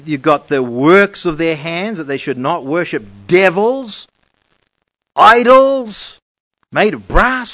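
A man preaches in a slow, deliberate way, his voice sitting a little high for a man. He leans hard on key words and then drops almost to a murmur. The recording is dull and lo-fi. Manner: emphatic, swings between loud and hushed. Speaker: Bible teacher. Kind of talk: conversational sermon teaching.

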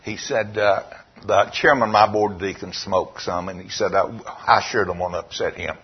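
Husky man preaching a sermon. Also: fairly even intonation. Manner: storytelling, quoting scripture in a slow, lowered voice. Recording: dull lo-fi recording.

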